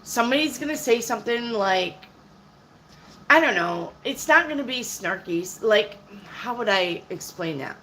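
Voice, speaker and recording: A woman giving casual live-stream tarot readings. She answers viewers' questions out loud and keeps checking in with "okay?", clearing her throat now and then. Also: a little high, expressive, normal speed, a little hiss or hum, poor audio. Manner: chatty, checks in with "okay?" and "all right?" often; reads viewer questions aloud and answers them. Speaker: tarot reader.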